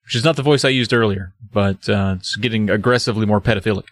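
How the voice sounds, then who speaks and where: A man co-hosting a podcast, recapping an episode in a joking, animated casual chat. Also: lowish voice, fast, dry recording, studio quality. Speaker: podcast co-host.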